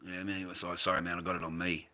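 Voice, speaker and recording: Deep-voiced sweary Australian streamer man. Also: completely flat delivery, fast, bright, forceful tone. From United States. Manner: profane, combative, swears constantly. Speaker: livestreamer. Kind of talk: casual livestream chat answering viewers.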